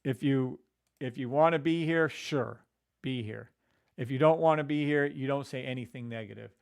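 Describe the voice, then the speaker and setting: A man hosting a live trading stream, calling out trades to viewers and greeting them by name, excitable and profane, swinging from shouts to mutters. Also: medium pitch, moderate pace, vocal fry, clear, resonant tone. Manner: addresses chat viewers by name.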